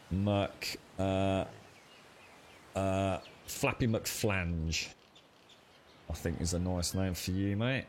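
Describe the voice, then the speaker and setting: A man's voice: on the low side, slight background noise. A man streaming a game, joking and swearing as he talks to his pet creature. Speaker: gaming streamer. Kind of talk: live game commentary. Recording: game music clearly heard behind. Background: game music.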